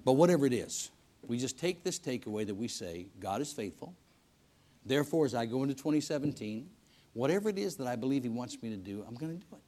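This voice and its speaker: A man preaching a sermon in a church service, telling stories in a folksy way, swinging between loud emphasis and hushed lines. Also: mid-range voice, animated, fast talker. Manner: folksy storytelling with repetitions and restarts.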